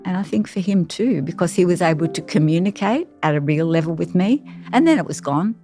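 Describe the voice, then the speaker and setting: A woman, a carer, telling her personal story in an interview, reflective and halting with many pauses. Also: lowish voice, lively intonation, mellow, faint music behind.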